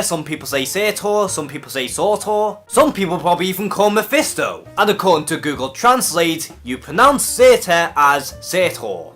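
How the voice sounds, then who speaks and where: A man's voice: on the high side, bright, forceful tone. A young man with a Scouse accent hosting an opinionated YouTube comment-response show, talking bluntly and swearing freely. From England. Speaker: YouTube host.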